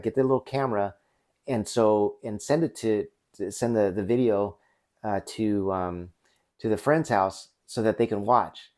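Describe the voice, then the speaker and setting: Male host in his forties, deeper register, loose unscripted review delivery that trips over itself often. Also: a little mellow. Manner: rambling, with many restarts and fillers. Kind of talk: casual unscripted movie review.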